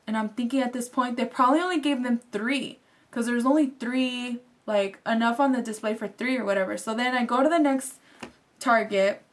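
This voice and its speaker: A woman's voice: fairly high pitch, moderate pace. Chatty young woman telling a story. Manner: chatty and animated, fills speech with "like". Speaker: fashion vlogger. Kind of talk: casual storytelling vlog.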